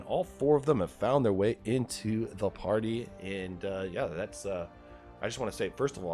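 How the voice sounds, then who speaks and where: A man commentating a sim racing league and interviewing drivers, casual, laughing and swearing freely, at a home streaming setup. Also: low-pitched.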